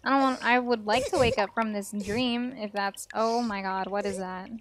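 A woman's voice: medium pitch, steady tone, normal speed, background noise. A woman streaming a horror game, reacting to the scares with swearing and laughter. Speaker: let's play streamer. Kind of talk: casual gameplay commentary.

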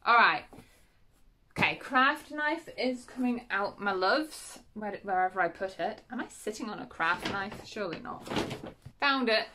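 A woman's voice: medium pitch, expressive, unhurried, sharp tone, slight background noise. A woman chatting casually as she unboxes books at home, correcting herself often and giggling. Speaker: book vlogger.

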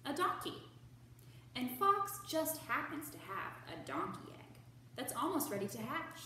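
A woman's voice: a little high, big pitch swings, normal speed, bright, forceful tone. A woman children's librarian reading a picture book aloud at storytime in a playful, questioning way. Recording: echoey room, far from the mic, faint noise.

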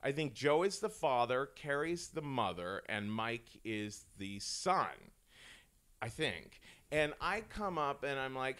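A man recounting an old sketch as a podcast guest, his pitch leaping all over as he talks. He stumbles and restarts often, laughs between phrases and swears freely, in a middle-pitched voice. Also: expressive, unhurried, a bit bright, clear, resonant tone. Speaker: comedian guest. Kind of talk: casual storytelling in a podcast interview.

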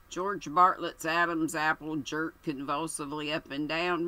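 An older woman reading a mystery novel aloud in a plain, steady narrating voice. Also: deep voice, a little slow, few pauses, low-quality recording. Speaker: audiobook reader.

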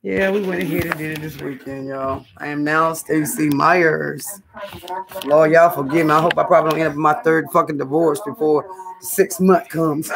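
A vlogger with a low, gravelly voice chats casually with her viewers from home on a hot day. She drifts from one topic to the next and keeps addressing the audience as y'all.

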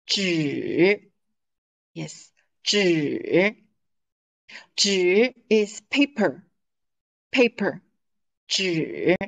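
A woman teaching a language class, repeating words slowly and patiently for her students. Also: medium pitch, low-quality recording.

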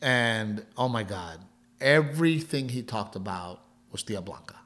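With a lowish, slightly bright voice and lively intonation, this podcast co-host spins a family story at a measured pace. He rambles casually, restarts a lot, says words twice, and laughs throughout.

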